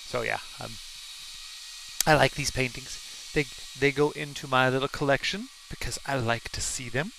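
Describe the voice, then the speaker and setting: Gravelly joking studio co-host. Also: medium pitch, normal speed, noisy background. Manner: joking, stumbling restarts. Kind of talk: casual banter.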